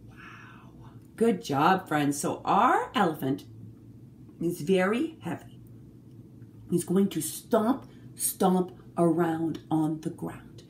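A woman leading a children's music therapy group, talking slowly and singing short songs to a guitar. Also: lowish voice, a little hiss or hum. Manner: slow, animated, sings short songs to a guitar. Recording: roomy echo with faint guitar.

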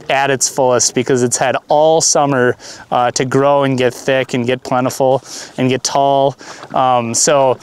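A man's voice: mid-range voice, clear, resonant tone. A man talking casually and enthusiastically from a boat on a lake, explaining fishing tips with plenty of ums and uhs. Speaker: fishing vlogger. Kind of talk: casual instructional talk.

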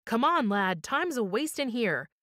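A woman puts on a big, gruff sailor from a storybook, grumbling his words with a rough lilt. His delivery swings up and down and sounds close and dry. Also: on the high side, sing-song, a little slow, bright, forceful tone, no echo, heavily acted. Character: burly gruff Irish sailor man.

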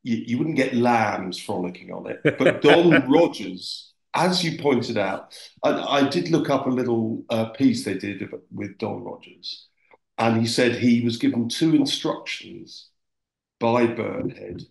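A man with a gravelly, fry-tinged voice hosts a casual interview, adding dry, wry asides. His voice rings in a roomy, echoey space, and his pitch sits in the middle. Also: a little slow. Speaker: podcast host. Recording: roomy echo.

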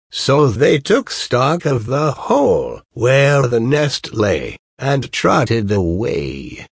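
A man reading a fairy tale aloud as an audiobook narrator, unhurried. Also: medium pitch, vocal fry, slightly rough, no room sound, studio quality. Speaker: audiobook reader. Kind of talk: scripted narration.

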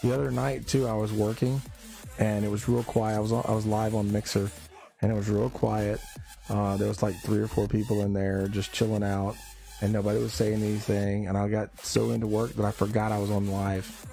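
A man's voice: lowish voice, level tone, brisk, gravelly, dark tone, faint music behind. A tired man streaming live, ranting in a blunt, profane and rambling way. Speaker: livestreamer. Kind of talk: casual live-stream rant.

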